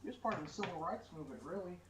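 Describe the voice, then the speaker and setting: A man's voice: sits high, expressive, very fast, fairly bright tone. A man in casual banter with friends, throwing in dry jokes. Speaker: podcast co-host. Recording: roomy, distant, noisy.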